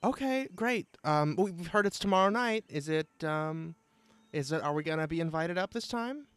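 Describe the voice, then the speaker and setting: A man voicing an eager young woman druid cultist who gushes with excitement. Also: a little high, moderate pace, smooth, dry recording, pitched above the performer's own voice, lightly acted. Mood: hopeful. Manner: gushing, breathless excitement.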